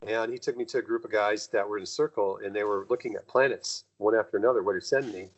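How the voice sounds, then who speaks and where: Low-voiced man telling rambling stories. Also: steady tone, fast talker, highs cut off. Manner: rambling, acts out quoted dialogue with jumps in pitch. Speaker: guest. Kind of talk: casual conversational storytelling.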